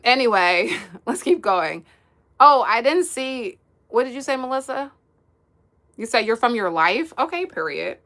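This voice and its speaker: A woman's voice: on the high side, bright, forceful tone. A young woman from the US East Coast hosting a casual livestream, chatting and giggling as she reads viewer comments aloud. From United States, East Coast. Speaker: livestream host.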